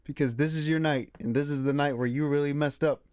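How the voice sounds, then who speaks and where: A man hosting a casual solo movie talk, emphatic and animated, repeating his points. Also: fairly high pitch, quick pace, clean tone, no echo, studio quality. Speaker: movie review host. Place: room with a squeaky chair.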